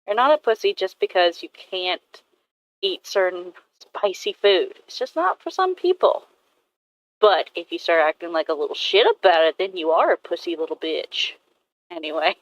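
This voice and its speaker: A woman's voice: fairly low pitch, big pitch swings, unhurried, pauses often, no echo, highs cut off. A woman artist chatting casually and rambling about her characters, swearing now and then. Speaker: artist vlogger. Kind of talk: casual chat while drawing.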